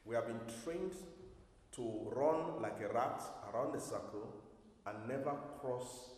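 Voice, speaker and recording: A man's voice: medium pitch, expressive, a little slow, a little mellow. A man preaching a sermon to his congregation, emphatic, full of rhetorical questions. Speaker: pastor. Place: church hall. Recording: echoey hall from far off.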